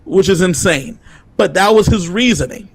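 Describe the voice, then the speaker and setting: High-voiced man teasing his co-host. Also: expressive, moderate pace, gravelly, slightly rough, dry recording. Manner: teasing, matter-of-fact arguing. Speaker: podcast co-host. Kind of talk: casual chat.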